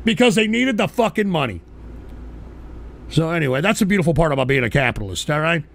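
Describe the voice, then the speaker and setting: Gravelly, high-voiced man ranting profanely. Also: very animated, fast talker. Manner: profane, combative ranting with sudden shouted outbursts; repeats insistent tag questions. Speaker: internet radio show host. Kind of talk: live-streamed ranting monologue.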